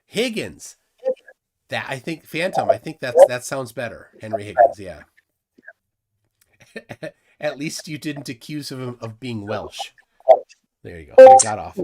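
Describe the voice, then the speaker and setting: A man's voice: mid-range voice, sing-song, slow, pauses often, warm tone. A man hosting a live stream in casual chat, rambling with many restarts and fillers. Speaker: livestream host.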